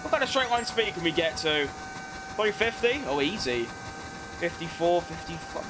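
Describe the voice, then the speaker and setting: A young man with a high-pitched voice chats through his racing game session, teasing himself and restarting sentences as he goes. Engine and game noise run loudly under his voice. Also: expressive, moderate pace. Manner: chatty, self-mocking, restarts often. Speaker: gaming video creator. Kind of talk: casual commentary over gameplay.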